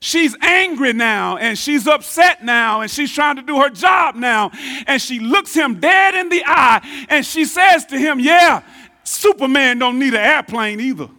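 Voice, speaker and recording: A man preaching a sermon, repeating key phrases and swinging between booming emphasis and hushed asides. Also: expressive, measured pace. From Texas, United States. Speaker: pastor.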